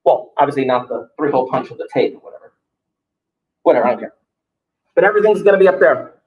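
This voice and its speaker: A man's voice: medium pitch, lively intonation, quick pace, phone-quality sound. A man, a math teacher joking through first-day rules for his class. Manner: joking, offhand, self-mocking asides. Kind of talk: classroom talk to students, livestreamed.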